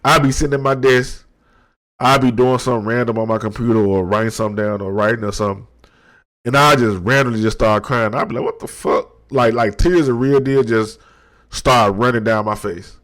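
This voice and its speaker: A man in his thirties hosting a solo podcast from his desk, talking in a soft, reflective and halting way with many restarts. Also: medium pitch, steady tone. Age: 30s. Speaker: podcast host. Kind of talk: solo confessional monologue. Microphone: desk microphone.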